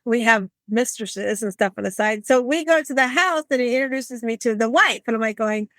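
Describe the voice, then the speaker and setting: A woman in her sixties talks with a slightly high voice, recorded close and dry with no room sound. She hosts a podcast conversation, telling lively personal stories and slipping into the voices of the people she quotes. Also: a little fast, no room sound. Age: 60s. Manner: animated, acts out quoted voices. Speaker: podcast host. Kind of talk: conversational storytelling.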